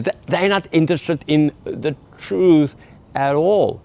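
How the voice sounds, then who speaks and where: Animated male Bible teacher, lively pitch. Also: unhurried. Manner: animated, acts out quoted speakers, frequent "right?". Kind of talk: casual verse-by-verse Bible commentary.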